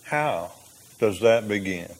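A man's voice: fairly low pitch, lively intonation, takes it slowly. Curious man asking probing questions. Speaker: co-host. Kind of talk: interview questions.

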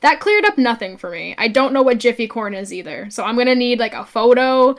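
A woman co-hosting a casual gaming podcast, wry and teasing, with quick quips. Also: fairly high pitch, expressive. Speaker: podcast co-host. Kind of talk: casual chat.

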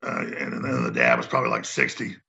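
A man with an extremely gravelly, gritty voice rants as a radio host, his pitch swinging widely and his tone sharp and forceful. He sounds heated and emphatic, and the audio is dull and lo-fi. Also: very animated, fast talker. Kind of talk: ranting radio monologue.

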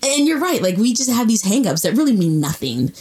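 A woman co-hosting a podcast, chatting casually and telling stories with lively acted-out quotes. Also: on the high side, fairly quick, slightly rough. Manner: animated storyteller, acts out quotes. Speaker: podcast co-host. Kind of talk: casual intimate conversation.

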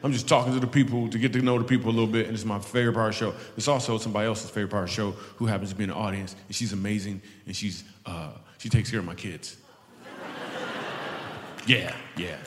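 Teasing stand-up comic in an echoey hall. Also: male voice, fairly low pitch, steady tone, fast. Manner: playful teasing banter with audience members. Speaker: stand-up comedian. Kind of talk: stand-up crowd work. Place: live show in a large venue with an audience. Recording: echoey hall with audience ambience.

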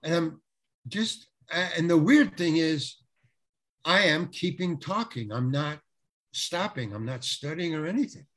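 A man with a husky, slightly breathy voice that sits a little high for a male speaker. He tells a story as an interview guest, lively and animated, often repeating himself and slipping into the voices of the people in his tale. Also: measured pace. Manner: animated, acts out quoted voices, repeats words. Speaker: actor telling a story.

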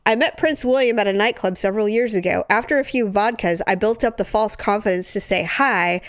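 Reading out stories sent in by listeners, this chatty podcast host stays lively and casual, leaning on fillers like "like" and "you know." She speaks briskly at medium pitch, and the recording is dry.

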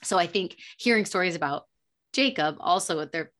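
Low-pitched woman, earnest podcast guest, hesitant phrasing. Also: expressive, normal speed, fairly bright tone. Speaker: podcast guest, parent of an autistic child. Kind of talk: casual conversational chat.

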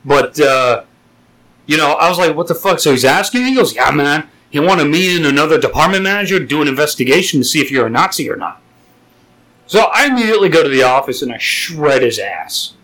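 A man's voice: on the high side, fairly quick, low-quality recording. A man co-hosting a casual podcast, telling a profane workplace story and acting out the other people's lines. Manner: profane, animated storytelling with acted-out quotes. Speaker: podcast co-host.

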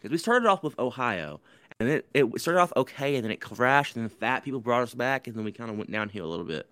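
A man's voice: mid-range voice, lively intonation, quick pace, fairly bright tone, no room sound. A man co-hosting a podcast in loose, rambling casual chat. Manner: loose, rambling, laughs between lines. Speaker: podcast co-host. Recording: clear background noise.

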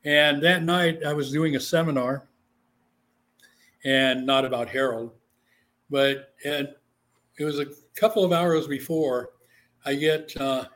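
A middle-aged man tells his stories with animation, his voice sitting a little above the usual male pitch. He is a guest being interviewed about his book, and he slips into the voices of the people he describes. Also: measured pace, long pauses, fairly bright tone. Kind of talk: storytelling in an interview.

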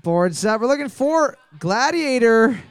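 A man with a high voice hosts a trivia quiz in a loose, joking way. He reads each question twice and swears freely between them. The recording is dry and close. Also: lively intonation, a little slow, clean tone, dry recording. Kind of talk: casual comedic banter.

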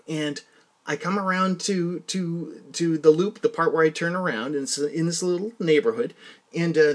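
A man hosting a solo podcast, telling casual anecdotes in a rambling, self-correcting way. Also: fairly high pitch. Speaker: podcast host.

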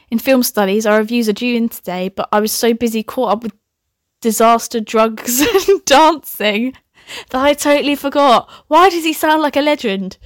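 A young woman with a slightly high voice reads one of her old comic stories for her podcast. She repeatedly breaks away for chatty commentary, giggling and swearing as she goes. The recording is dry and studio quality.

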